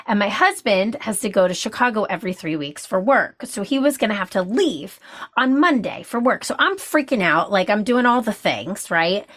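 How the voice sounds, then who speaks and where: Brief: expressive woman guest, mid-pitched, chatty podcast storytelling with restarts. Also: normal speed. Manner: animated storyteller, many restarts. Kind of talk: casual chat.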